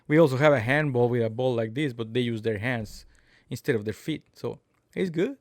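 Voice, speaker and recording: A man hosting a podcast, talking in a casual, emphatic monologue with sudden loud outbursts. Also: medium pitch, normal speed, dry recording, clean studio sound. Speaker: podcast host.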